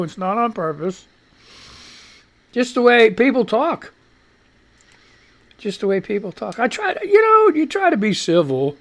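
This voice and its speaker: A man's voice: sits high, vocal fry, a bit bright. A man hosting a casual live radio talk show, rambling and swearing freely, congested and wheezing with a cough. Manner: rambling, profane, laid-back.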